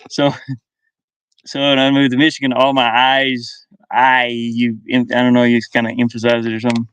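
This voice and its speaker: Streaming live from his van, a man with a faint Southern drawl from Kentucky and Virginia reads viewer comments, chuckles often and thinks aloud in an easygoing way. His medium-pitched voice is completely flat, moderately paced with frequent pauses, and sounds a bit bright, clear and resonant with no room sound.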